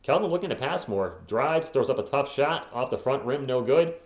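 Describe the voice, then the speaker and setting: Hoarse man calling live fan play-by-play. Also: medium pitch, animated, echoey room, muffled recording. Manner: quick play calls mixed with joking asides and chat replies. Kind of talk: casual live play-by-play commentary.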